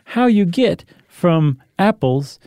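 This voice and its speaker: Give me a dark, mellow-voiced man chatting on a podcast. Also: sits high, takes it slowly, no echo, studio quality. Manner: jokey, animated explaining with rhetorical questions. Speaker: podcast co-host. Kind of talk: casual chat.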